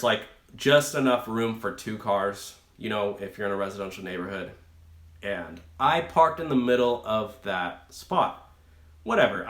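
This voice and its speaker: A man's voice: medium pitch, a bit bright. A young man hosting a rideshare channel, chatting casually on a live stream and rambling through a story with many fillers and restarts. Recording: echoey room.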